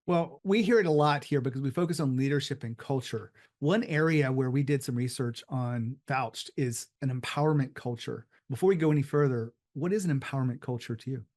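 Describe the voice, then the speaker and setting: Host: a man with a mid-range voice, steady and reflective, leads a business interview with motivational asides. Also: mid-range voice, a little fast, hardly any pauses. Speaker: podcast host. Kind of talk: interview hosting.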